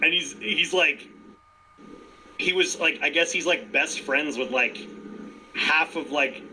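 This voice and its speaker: A man co-hosting a podcast in casual chat, animated, laughing often and trailing off into restarts. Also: fairly high pitch, takes it slowly, slight background noise, poor audio. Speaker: podcast co-host.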